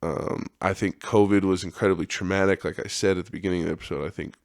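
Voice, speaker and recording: A man's voice: low-pitched, steady tone, fast talker, no echo, clean studio sound. A man hosting a podcast, talking in a rambling, profane monologue and laughing often. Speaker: podcast host.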